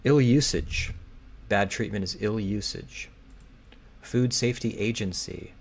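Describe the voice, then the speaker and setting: Slow, gravelly man muttering crossword clues. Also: lowish voice. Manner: muttering, hesitant, reads clues aloud slowly. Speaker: crossword solver. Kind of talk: thinking aloud while solving. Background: keyboard typing and clicking.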